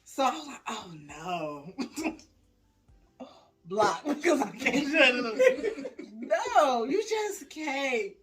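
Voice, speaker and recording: A woman's voice: high voice, slow. A woman in a casual panel chat, joking and laughing through her stories. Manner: giggly, joking, animated.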